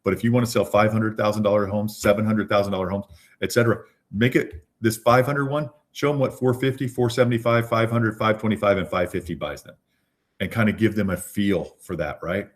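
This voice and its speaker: A man teaches a group over a video call in a relaxed, conversational way. His voice sits on the low side, and he keeps checking in with "right?" while he rambles through examples. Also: fairly quick. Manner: chatty, repeats "right?". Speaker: real estate coach. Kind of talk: online training session.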